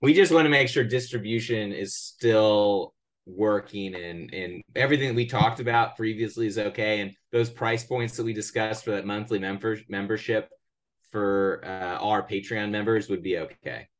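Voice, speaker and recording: A man co-hosting a casual podcast from his bedroom at home, delivering a joking sales pitch full of stammers and restarts. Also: moderate pace. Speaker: podcast co-host.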